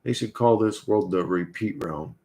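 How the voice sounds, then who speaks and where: A man's voice: lowish voice, moderate pace, dark tone. A man hosting a casual livestream, rambling and swearing as he talks to his chat and to his dog. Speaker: livestream host.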